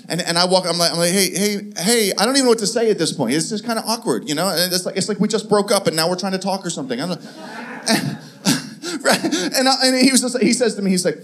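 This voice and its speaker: A middle-aged man gives a sermon as an animated story, his voice sitting fairly high for a man. He plays both sides of a conversation and stumbles through many restarts. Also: fast talker.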